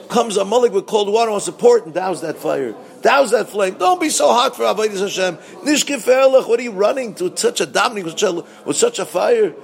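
A man teaching a Purim Torah talk, asking rhetorical questions and answering them, swinging between loud bursts and low asides. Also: gravelly.

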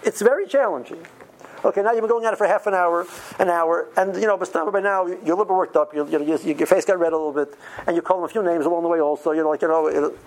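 A man teaching yeshiva students in an informal, animated Torah lecture, often stumbling and restarting his words. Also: a little high, poor audio. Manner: animated, stammering restarts, uses Yiddish and Hebrew study terms.

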